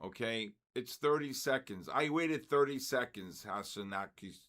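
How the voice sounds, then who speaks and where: A man's voice: mid-range voice, animated, measured pace, a little hiss or hum. An older man hosting a live trading stream, calling out viewers' names with joking exasperation. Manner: exasperated, joking, calls names in a loud sing-song. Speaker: trading session host.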